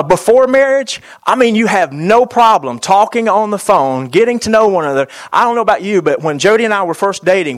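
A middle-aged pastor delivers a sermon in a voice pitched a little above most men's. He talks straight at his listeners and drives points home through repetition. Small "uh" fillers run through his delivery. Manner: direct and exhortative, repeats phrases, frequent "uh" fillers.

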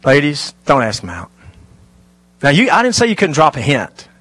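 A middle-aged man preaching a sermon, animated and lively, dropping to hushed, intimate asides. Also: a little high, normal speed, slightly rough, dry recording. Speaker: pastor.

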